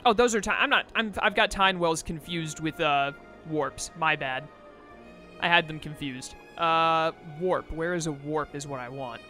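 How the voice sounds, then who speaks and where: A man's voice: fairly high pitch, a little slow, bright, forceful tone, soft background music. A young man casually commenting on a video game as he plays, often exasperated and talking back to the game. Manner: exasperated, chatty, talks to the game. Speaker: let's play host.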